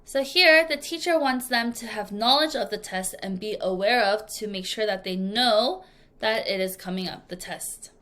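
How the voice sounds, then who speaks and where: Bright-voiced woman teaching vocabulary. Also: on the high side, normal speed. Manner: clear drilling with repeat-after-me prompts; playful, acts out example sentences. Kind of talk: classroom vocabulary lesson. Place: language school in Korea.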